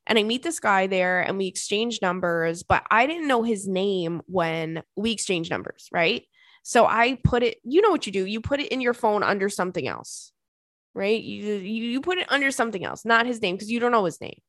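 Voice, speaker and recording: A woman's voice: medium pitch, expressive, normal speed, fairly bright tone, dry recording, clean studio sound. A young adult woman hosting a podcast, telling candid stories in a chatty, oversharing way with swearing and laughter. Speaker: podcast host. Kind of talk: casual chat.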